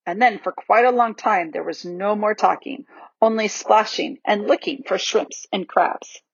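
A woman reading a children's novel aloud in a lively, expressive storybook narration, in a dull, dry recording. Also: mid-range voice, unhurried, creaky, husky, no echo. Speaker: audiobook reader.

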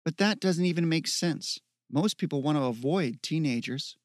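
A man voicing a stubborn, quick-tempered teenage boy who sounds defensive and exasperated. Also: fairly high pitch, expressive, no echo, clean studio sound, close to an everyday voice. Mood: puzzled.

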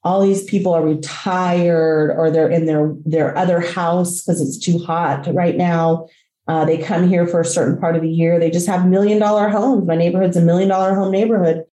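A woman telling a story with a mellow, warm voice and loud drama. Her talk is profane, and she acts out the cries in it. Her voice rings in an echoey room. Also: fairly low pitch, little pitch movement, moderate pace. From Latina. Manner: profane, dramatic retelling with shouted quotes. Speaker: podcast host.

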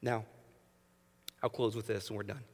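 A man in his thirties, a pastor preaching a sermon in a church sanctuary, animated, swinging between hushed and loud and acting out voices as he talks. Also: lowish voice, normal speed, in a large hall.

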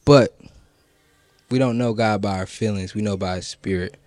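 A man co-hosting a faith podcast, talking in a relaxed, slangy, conversational way. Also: fairly low pitch, normal speed, dry recording, soft background music. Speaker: podcast co-host. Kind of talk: casual chat about prayer.

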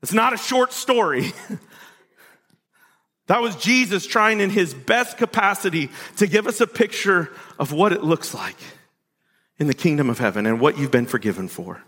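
A pastor preaching a sermon. He preaches with big swings in pitch. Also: lively intonation, normal speed, a bit bright, slightly rough. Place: church sanctuary. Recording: long reverb of a church hall.

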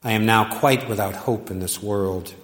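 A man's voice: on the low side, moderate pace, fairly bright tone, natural voice. A man voicing a weary, despairing old widowed cobbler in a sermon story. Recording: echoey church with long reverb.

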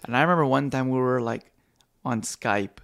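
A young man co-hosting a podcast, telling stories in a casual, animated way and acting out the people he quotes. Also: mid-range voice, normal speed, gravelly, no echo, clean studio sound. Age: young adult. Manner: animated storyteller who acts out quoted voices. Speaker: podcast co-host. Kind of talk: casual chat.

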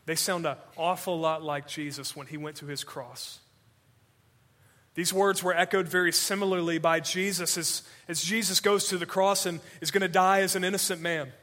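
A man preaching a sermon as pastor, swinging between urgent loud passages and hushed, slow emphasis. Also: fairly high pitch. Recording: long hall reverb.

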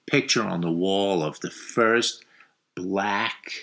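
A man's voice: sits low, slow pace, bright, forceful tone. A middle-aged man from the New York area telling a rambling story in casual chat, full of fillers and swearing.

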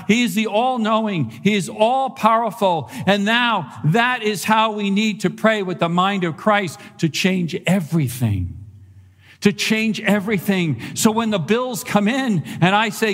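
A male pastor preaching a sermon in a church, animated and conversational, repeating phrases for emphasis. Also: high-pitched. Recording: long reverb of a large hall.

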